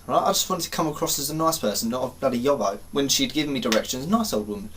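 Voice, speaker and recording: A young man vlogging, telling a story to camera in an animated, exasperated way and swearing casually. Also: medium pitch, fast talker.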